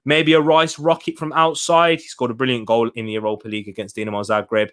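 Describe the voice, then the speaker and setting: A man's voice: mid-range voice, little pitch movement, quick pace, fairly bright tone, clean tone. A young man casually hosting a football live stream, reading viewer comments and urging them to like the video. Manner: chatty, hypes viewers for likes. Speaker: football livestream host.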